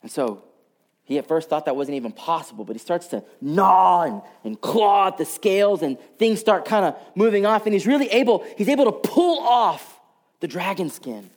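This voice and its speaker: A man preaching a sermon, telling a story and moving between loud passages and hushed, whispered lines. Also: high voice, animated, normal speed. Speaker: pastor.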